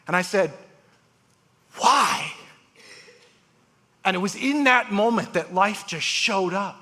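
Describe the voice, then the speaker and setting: A man speaks on a live stage, telling surgery stories in a bright, forceful voice that sits a little high for a man. He swings his delivery widely, acting out each patient's words. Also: moderate pace. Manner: animated, acts out patients' voices. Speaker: transplant surgeon giving a talk. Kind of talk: storytelling speech on stage. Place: large live event hall.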